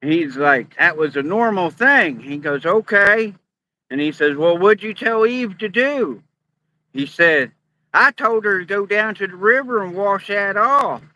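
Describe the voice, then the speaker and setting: A man telling a long joke in an earnest, deadpan drawl. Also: high-pitched, measured pace, muffled recording.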